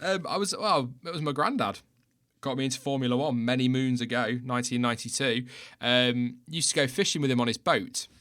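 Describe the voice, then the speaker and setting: A man's voice: mid-range voice, fairly quick, a bit bright. A man in his thirties hosting a casual live stream, reading out timing data and chatting with a co-host, often laughing at himself. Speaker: podcast host. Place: home setup, no footage.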